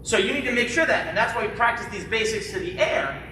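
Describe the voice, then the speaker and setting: A martial arts instructor teaching a live-streamed kids' class in a studio, calling out sharp commands and joking between drills. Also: mid-range voice, expressive, fast, recorded from a distance, noisy background. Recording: very echoey studio heard from afar.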